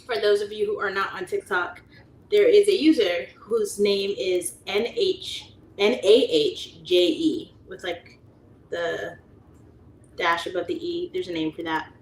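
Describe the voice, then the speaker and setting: A woman in her late thirties chats casually on a livestream, answering viewer comments with easy laughter and the odd whispered aside. Her voice sits a little low for a woman. The room around her is echoey, with a faint ambient hum. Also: unhurried. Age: 30s. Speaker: livestream host.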